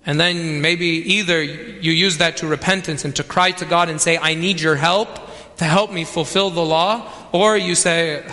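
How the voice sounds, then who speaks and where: A man's voice: a little high, moderate pace, pushed and bright. A man preaching a sermon, emphatic and repeating key phrases for weight. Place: church. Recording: long reverb of a church hall.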